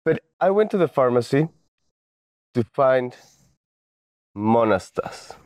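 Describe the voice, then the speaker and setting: A man co-hosting a podcast, telling an embarrassing story in a relaxed, amused way. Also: mid-range voice, a little slow, clean tone, no echo, clean studio sound. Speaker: podcast co-host.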